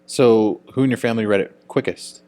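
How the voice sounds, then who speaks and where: A man with a low-pitched voice conducting a film festival interview. He puts his questions in an upbeat way, rising in pitch as he asks. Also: steady tone, brisk, dark tone, smooth.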